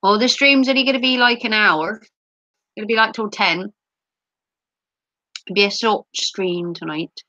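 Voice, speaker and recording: A woman's voice: mid-range voice, unhurried, long pauses, pushed and bright, no echo, lo-fi sound. A middle-aged woman hosting a casual livestream, teasing viewers and reading their comments, her voice a little sore. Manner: playful, teasing, giggly. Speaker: livestream host. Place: home, streaming.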